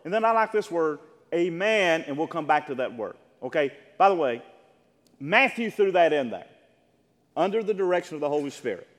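A man preaching a sermon as pastor, asking the congregation for agreement and rising to loud, emphatic peaks. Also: a little high, sing-song, fairly quick, big-room sound.

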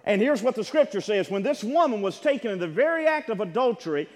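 High-voiced fervent preacher in a reverberant church. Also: male voice, lively intonation, fast. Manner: fervent, swings from hushed to shouting; repeats and restarts phrases, calls for amens. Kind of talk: sermon. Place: church sanctuary. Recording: long hall reverb.

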